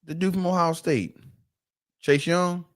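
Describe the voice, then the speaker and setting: A man's voice: fairly high pitch, measured pace. Man with a loose, stammering storyteller style. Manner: animated storyteller, acts out quoted voices, repeats words. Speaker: podcast co-host. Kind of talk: casual sports talk.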